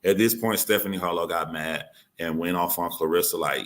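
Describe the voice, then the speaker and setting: A man's voice: low-pitched, fairly even intonation, fairly quick, a bit bright. A man telling a heated personal story in a blunt, profane way, acting out what other people said and repeating his key points. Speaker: YouTuber telling his side of a dispute.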